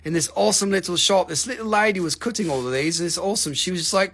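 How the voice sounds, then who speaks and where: High-voiced, rambling Southern man. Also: fast talker, vocal fry, hardly any pauses, slightly rough. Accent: Southern American. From Southern United States. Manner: excitable, rambling, swears a lot. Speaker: host selling rocks. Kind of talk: live sales stream chat.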